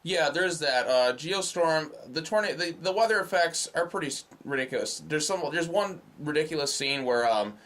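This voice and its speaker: A man's voice: fairly high pitch, animated, moderate pace, hardly any pauses, fairly bright tone. A young man giving a casual movie review, loose and profane, with sarcastic rants. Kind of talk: casual spoken film review.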